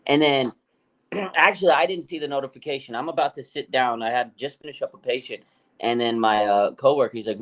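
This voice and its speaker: A man co-hosting a live sports talk stream, telling stories in an excited, rambling way. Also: mid-range voice, quick pace, poor audio. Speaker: podcast co-host.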